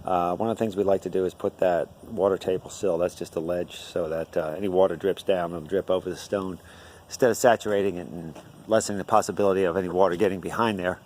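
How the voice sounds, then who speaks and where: A man with a fairly low voice walks through a newly built house he constructed. He talks casually and explains as he goes, often pausing on filler words. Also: steady tone, a little mellow, a little hiss or hum. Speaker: home builder. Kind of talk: walkthrough tour narration. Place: at a newly built house, outside then indoors.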